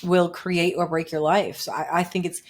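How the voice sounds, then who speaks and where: A woman's voice: on the low side, flat delivery, normal speed. A woman hosting a podcast interview, speaking in an emphatic, affirming way and in spiritual terms. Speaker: podcast host. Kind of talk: casual interview conversation.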